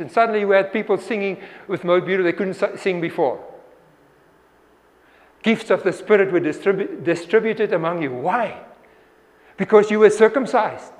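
A man's voice: high voice, normal speed, long pauses, big-room sound. A man preaching a sermon earnestly, often restarting his words and acting out the voices he quotes.

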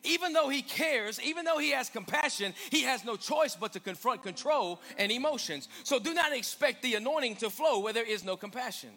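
A man's voice: extremely high pitch, expressive, a little fast, few pauses, pushed and bright, faint music behind. A male pastor preaching a sermon in a church, driving points home with rhetorical questions and emphatic repetition.

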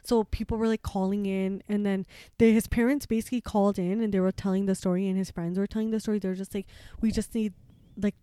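A woman's voice: mid-range voice, flat delivery, fast, mellow, clear, resonant tone, dry recording, clean studio sound. A woman in her twenties from Canada, chatting casually and rambling through a story with lots of fillers and swearing. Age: 20s. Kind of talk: casual chat.

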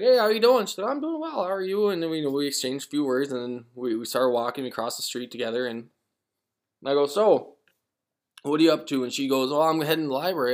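A young man in his mid-twenties hosts his podcast alone and tells stories in a loose, rambling way. He trips over his words, repeats himself, and slips into quick voices for the people he quotes. His pitch sits in an ordinary middle range for a man. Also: fairly bright tone. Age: 20s. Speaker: podcast host. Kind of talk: casual solo storytelling.

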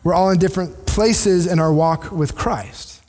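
A man's voice: high-pitched, unhurried, a little mellow, faint music behind. A male pastor preaching a conversational sermon in a church, often restarting his sentences and acting out quoted voices. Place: church sanctuary.

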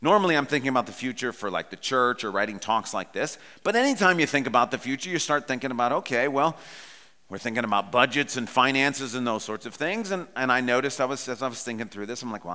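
A man's voice: medium pitch, pushed and bright, big-room sound. A pastor in his forties preaching a sermon in a conversational, personal storytelling way.

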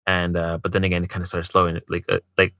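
Deep-voiced man telling a story. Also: monotone, fast talker, sharp tone, no echo. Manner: profane, heavy use of filler "like"; acts out quoted dialogue. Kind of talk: casual storytelling chat.

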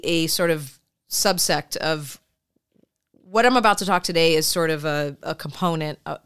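Brief: low, smooth-voiced woman, podcast co-host, chatty and rambling. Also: normal speed, a bit bright. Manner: chatty, rambling with many fillers and restarts. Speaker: therapist. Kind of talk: casual chat.

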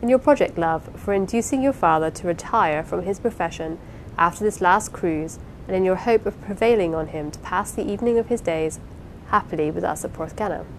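A woman's voice: on the low side, a little hiss or hum, lightly acted, rough recording. A woman reading a tender blind husband. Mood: earnest. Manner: tender, measured, earnest. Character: gentle blind young husband. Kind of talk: audiobook character reading.

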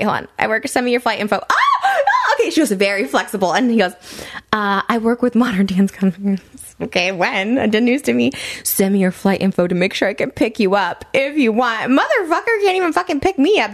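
Blunt, swearing young woman ranting. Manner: blunt, swears a lot, laughs at her own story; drops into a low mocking voice to read out messages. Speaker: podcast host. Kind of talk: casual storytelling rant.

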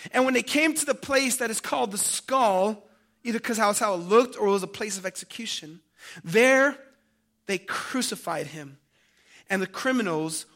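A man preaching a sermon, dramatic, swinging from loud emphasis to hushed tones and calling his listeners family. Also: high-pitched.

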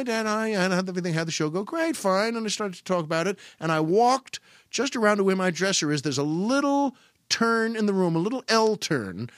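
A man's voice: high-pitched, fairly bright tone, no room sound, studio quality. A middle-aged man telling a funny family story in casual monologue, self-mocking and full of restarts. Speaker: podcast host.

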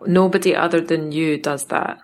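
A woman's voice: sits low, fairly even intonation, normal speed. A woman with a Scottish accent co-hosting a podcast in casual chat, teasing and skeptical. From Scotland. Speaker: podcast co-host.

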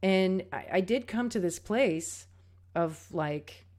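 Woman, tango teacher, slow unhurried delivery, reflective, candid, personal story. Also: lowish voice, expressive, a little mellow. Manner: reflective, candid, many fillers and restarts.

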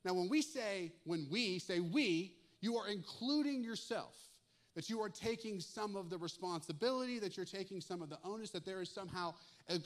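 A man preaching a sermon, animated and acting out comic asides with lively swings in energy. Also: high-pitched. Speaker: pastor.

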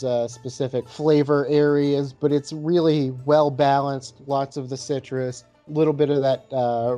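A man's voice: mid-range voice, mellow. A man co-hosting a podcast, chatting casually about a movie and reviewing a beer in a laid-back, rambling way. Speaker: podcast co-host.

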